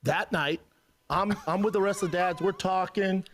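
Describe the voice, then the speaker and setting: A man's voice: high-pitched, moderate pace, a little hiss or hum. A man telling a casual, profane anecdote on a podcast, acting out the other voices in it. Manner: animated anecdote, acts out quotes, profane. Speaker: podcast guest telling a story. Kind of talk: casual storytelling.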